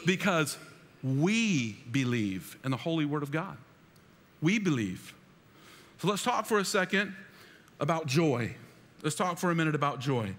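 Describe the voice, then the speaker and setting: Male pastor with a high voice, preaching to a congregation on a stage mic, long church reverb. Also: very animated, measured pace, pauses often, a bit bright. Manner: preaching with call-and-response to the congregation. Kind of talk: sermon. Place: large church auditorium.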